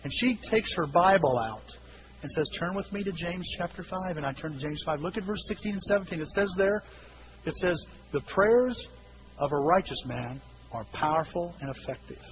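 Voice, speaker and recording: A man with a high voice preaches to his church, telling personal stories and acting out the people in them, sometimes bursting into shouts. The recording sounds dull and lo-fi, with clear hiss underneath. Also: expressive, moderate pace. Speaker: pastor. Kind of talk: sermon.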